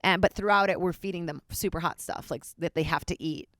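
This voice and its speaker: A woman's voice: on the low side, fast talker, a bit bright, no echo, clean studio sound. A woman comedian chatting as a podcast guest, candid and rambling, joking frankly. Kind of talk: casual podcast chat.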